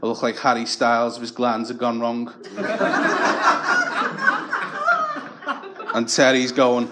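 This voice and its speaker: A man's voice: mid-range voice, wildly swooping pitch, measured pace, long pauses, very noisy. A young man doing stand-up comedy, telling crude stories in a dry, anecdotal way.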